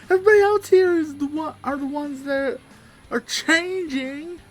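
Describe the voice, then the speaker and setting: A man putting on a shrill, indignant whine. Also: normal speed. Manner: shrill, whiny protest. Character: exasperated squeaky-voiced man, indignant.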